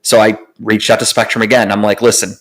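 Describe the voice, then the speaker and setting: A young man co-hosting a podcast, telling a long story in casual chat, animated and profane, with lots of fillers. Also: on the low side, fast. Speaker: podcast co-host.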